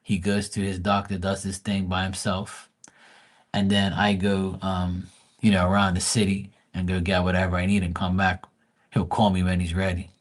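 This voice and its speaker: A man hosts a live stream in loose, casual chat, telling family stories with swearing and a rambling flow. His voice sits low and has a husky edge. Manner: rambling, profane storyteller.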